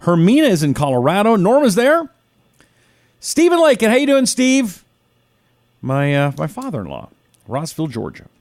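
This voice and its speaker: A man's voice: sits high, huge pitch swings, normal speed, pauses often, a little mellow, no echo, studio quality. Chatty sarcastic male talk host. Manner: chatty, sarcastic, reads out listener names. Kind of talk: casual live call-in talk.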